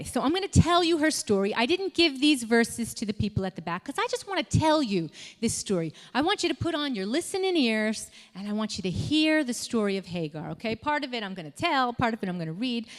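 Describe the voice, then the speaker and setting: A tired mom telling a Bible story to children in a church hall, chatty and checking in with "okay?" all the time. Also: female voice, medium pitch. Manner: chatty, keeps checking in with 'okay?'. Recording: echoey hall with long reverb.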